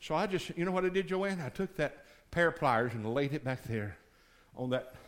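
A middle-aged male pastor preaching a sermon in a church, folksy, moving between quiet storytelling and shouted climaxes. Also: a little high, fairly even intonation, normal speed.

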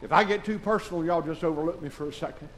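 High, bright-voiced preacher man. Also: fast talker, a little hiss or hum, low-quality recording. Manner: swings from shouted preaching to soft, tearful confiding. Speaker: pastor. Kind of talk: emotional sermon. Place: church sanctuary.

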